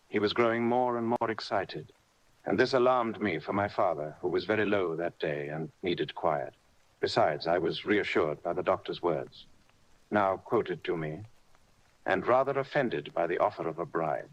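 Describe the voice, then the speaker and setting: Male audiobook narrator, fairly low voice, measured and steady. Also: lo-fi sound. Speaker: audiobook reader. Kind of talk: scripted narration.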